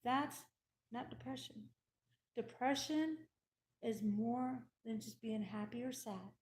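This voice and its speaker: Slow, emphatic storytelling woman. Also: a little high, a little mellow, a little hiss or hum. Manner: emphatic, repeats herself, acts out quoted dialogue. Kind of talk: personal storytelling talk.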